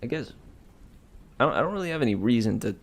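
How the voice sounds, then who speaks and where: A man's voice: medium pitch, animated, fast. A man who reads stories aloud, chatting in a rambling, self-amused way with frequent chuckles and restarts. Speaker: audiobook reader. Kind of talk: casual rambling aside.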